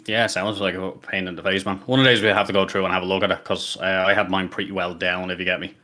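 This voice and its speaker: A man's voice: sits low, level tone, fast talker, pushed and bright. A man chatting casually over a voice call as a co-streamer, laid-back and rambling, swearing now and then. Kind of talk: casual chat.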